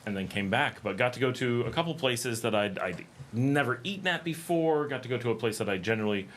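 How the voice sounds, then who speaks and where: A man's voice: medium pitch, animated, fast talker, fairly bright tone, slight background noise. A middle-aged American man chatting casually on his livestream, rambling with many ums and restarts. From United States. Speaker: livestream host.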